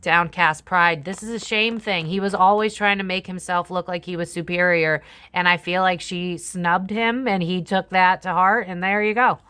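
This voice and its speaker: This young woman's fairly low voice is bright, forceful, and clean, holding a steady tone at a normal speed. As a tarot reader and channel host, she chats casually through a psychic reading, swearing freely and mimicking other people's voices.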